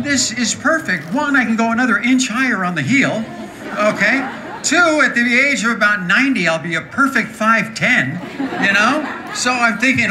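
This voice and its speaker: A woman in her late sixties with a deep, raspy voice, talking frankly to a live audience and telling stories with jokes. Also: normal speed, noisy background. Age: 60s. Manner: frank, joking, animated storytelling. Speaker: guest speaker. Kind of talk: candid live talk with audience.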